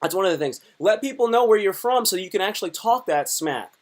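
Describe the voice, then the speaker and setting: A man comedian chatting on a live stream in a rambling way, repeating himself and swinging between loud bursts and low mutters. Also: expressive. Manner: slips into quick put-on voices. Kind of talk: casual live-stream chat.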